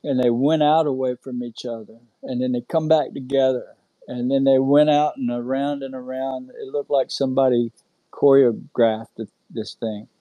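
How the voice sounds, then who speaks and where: A middle-aged man telling a personal story in an earnest, halting way, with many fillers. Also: medium pitch, steady tone, warm tone, dry recording, muffled recording. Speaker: guest recounting an experience. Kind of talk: casual storytelling on a live audio chat.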